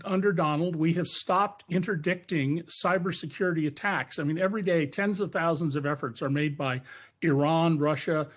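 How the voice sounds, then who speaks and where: A man from the United States joins a live news debate as a guest. His voice sits a little high, and he talks bluntly and critically, pausing often on filler words. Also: fairly even intonation. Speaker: political commentator guest.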